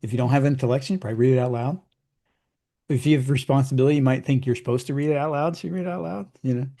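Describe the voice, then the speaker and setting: A man's voice: medium pitch, steady tone, dark tone. A middle-aged man coaching in casual conversation, chatty and explaining with homely examples. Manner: chatty, acts out clients in quick put-on voices.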